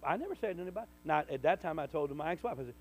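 A man, a minister, telling a personal testimony in conversation, full of restarts and sudden loud bursts. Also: a little high, rapid-fire, rough recording. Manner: animated storyteller, stammering restarts, bursts loud when quoting. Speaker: minister, guest.

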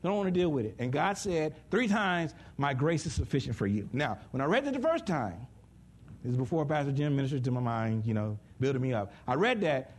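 A man preaching a sermon in an animated way, jumping from loud high bursts to hushed asides, with speech. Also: normal speed, breathy edge.

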